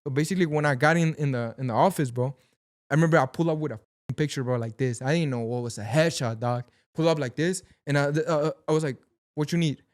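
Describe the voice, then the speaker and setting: Animated Chicano man telling stories. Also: on the high side, fast, dry recording, studio quality. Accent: Mexican-American Los Angeles English. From Pacoima, California, with a Sinaloan mother. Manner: animated, mixes Spanish and English, says "bro" a lot, acts out quoted people. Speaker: podcast guest, actor. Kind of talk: casual storytelling chat.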